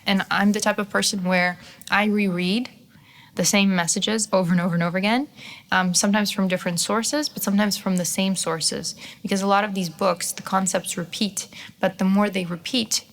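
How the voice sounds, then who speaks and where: This is a young woman chatting live to her followers in a loose, giggly way. She swears casually and slips into bright, excited voices when she acts out her own thoughts. Her pitch sits right in the middle for a woman. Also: moderate pace. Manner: chatty, laughs often, swears casually, animated quoted voices. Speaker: podcast host and skincare business owner. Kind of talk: casual livestream chat.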